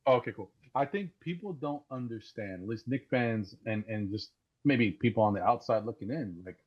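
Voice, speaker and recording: A man calling in to a live sports talk show over a voice chat, talking excitedly and rambling, often repeating words as he restarts. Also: mid-range voice, normal speed, husky. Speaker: caller. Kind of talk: casual call-in sports talk. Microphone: Discord voice call. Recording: dull lo-fi call audio.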